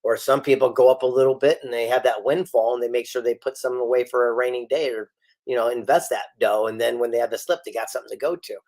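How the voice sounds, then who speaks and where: Animated man telling stories. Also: mid-range voice, fast. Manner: animated storyteller acting out quoted dialogue. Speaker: guest author and speaker. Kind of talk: storytelling interview.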